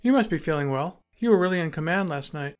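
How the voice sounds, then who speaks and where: A man's voice: fairly high pitch, lively intonation, fast talker, clear, resonant tone, soft background music. A man telling a first-person story with acted dialogue in a dry, wry, articulate way, and hosting his podcast.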